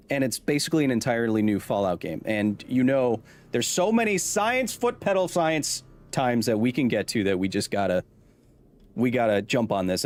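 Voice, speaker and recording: Lively rambling male streamer. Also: medium pitch. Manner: rambling, self-interrupting, quick to laugh. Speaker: live streamer. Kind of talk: casual live-stream chat.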